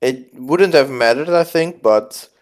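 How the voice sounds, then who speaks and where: Brief: male co-host, smooth clear voice, relaxed and teasing, casual banter. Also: mid-range voice, measured pace. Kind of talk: casual game commentary.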